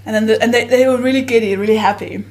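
A woman co-hosting a comedy podcast, telling stories in a casual, giggly way and bursting into shouted quotes. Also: on the high side, fairly even intonation, racing. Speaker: podcast co-host.

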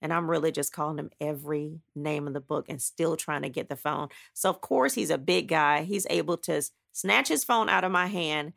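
A woman's voice: deep voice, normal speed, vocal fry, few pauses, a bit bright. A woman, an author, retelling a personal story in a dramatic, blunt and emphatic way, with frequent asides. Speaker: author recounting her own story.

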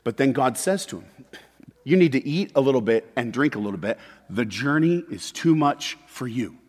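A man preaching a sermon as pastor, moving between loud emphatic peaks and quiet, confessional asides. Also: mid-range voice, animated, moderate pace. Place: church sanctuary. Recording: long hall reverb.

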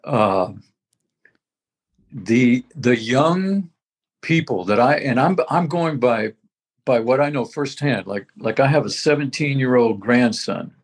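A man's voice: mid-range voice, expressive, slow pace. An older man talking casually as a veteran musician, rambling and reminiscing with many restarts. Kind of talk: casual conversation.

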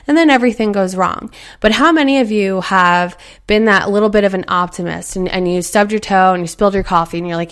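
A woman's voice: mid-range voice, a little fast, hardly any pauses, fairly bright tone. A woman in her thirties hosting a casual motivational talk, chatty and earnest, acting out inner voices as she goes. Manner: earnest, encouraging.

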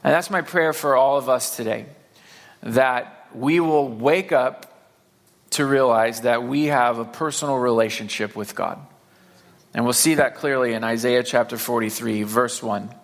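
A pastor from the Saint Louis area giving a Sunday sermon in a relaxed, conversational voice. He trips over a word now and then and repeats it. His voice sits at a middle pitch for a man. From Saint Louis area, Missouri. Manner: conversational, with fillers and repeated words; reads scripture aloud, slowing for emphasis.

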